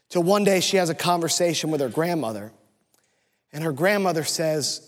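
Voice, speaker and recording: High-voiced pastor preaching in a reverberant hall. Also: male voice, animated, moderate pace. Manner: emotional, earnest storytelling. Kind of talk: sermon. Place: church sanctuary. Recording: long reverb of a church hall.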